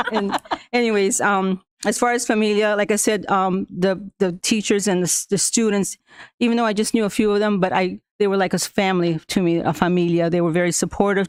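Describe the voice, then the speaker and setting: A woman's voice: mid-range voice, clear, resonant tone, dry recording, studio quality. A woman whose first language is Spanish, a school staff member telling the board a personal story, with many fillers and restarts and frequent laughs. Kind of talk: personal account at a public meeting.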